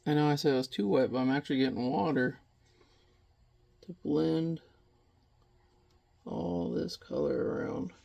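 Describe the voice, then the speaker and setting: A man in his thirties talks casually as he paints at home, rambling along with a joking tone and the odd swear word. His voice sits slightly high and has a gravelly, fry-heavy texture. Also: fairly even intonation, moderate pace, long pauses, darkish tone. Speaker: painting vlogger. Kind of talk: casual chat while painting.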